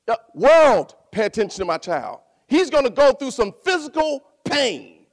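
A man voicing God as a proud heavenly father, proclaiming emphatically in a high, lively voice. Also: normal speed, exaggerated voice.

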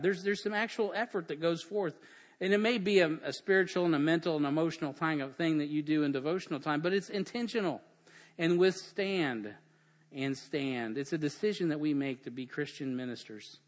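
A middle-aged man preaching with punchy emphasis, firing off rhetorical questions at his congregation. His voice sits a little higher than most men's, and it rings out with a long reverb from the church hall around him. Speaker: pastor. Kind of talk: sermon.

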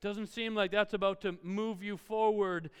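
A male pastor with a high, very clear voice delivers a sermon full of animated, self-deprecating family stories. His words ring out with a long reverb through a church hall. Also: normal speed.

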